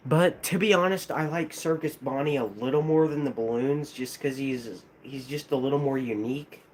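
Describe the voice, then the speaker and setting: A man with a lisp, chatting casually on a live stream, hesitant and halting, with frequent restarts. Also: medium pitch, a little hiss or hum. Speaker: streamer ranking plush toys.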